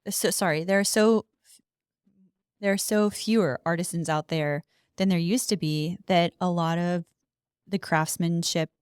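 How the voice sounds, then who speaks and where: A woman chats on a podcast, her voice smooth and a little low. She reads history notes with chatty asides, and the sound is close and dry. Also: fairly even intonation, a little slow, a little mellow, no room sound. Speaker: podcast co-host. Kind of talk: casual podcast chat.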